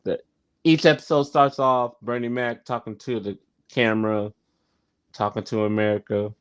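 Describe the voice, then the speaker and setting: A sitcom review on YouTube is hosted by a man who chats to the camera casually and without rushing, frequently repeating phrases and using "like." He has a mid-range voice with a steady, clear, resonant tone, and there's no echo.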